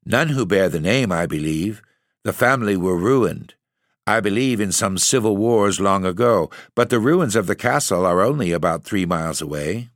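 A caring, earnest young lady speaking gently, read by a man in his own deep voice. The sound is dry and close-miked. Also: lively intonation, moderate pace, no room sound. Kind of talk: audiobook reading.

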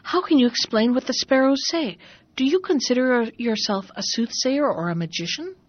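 A woman's voice: fairly high pitch, lively intonation, normal speed, no room sound, muffled recording. Lady putting on a grumpy merchant dad, fed up, huskyish. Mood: exasperated. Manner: exasperated, cross outbursts. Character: angry rich old merchant father, man.

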